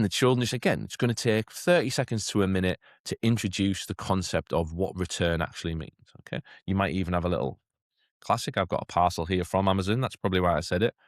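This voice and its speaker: A man giving a chatty teacher training talk, often checking in with "okay?" and lifting into a bright classroom voice to demonstrate. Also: low voice, dry recording, studio quality. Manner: chatty, keeps asking "okay?".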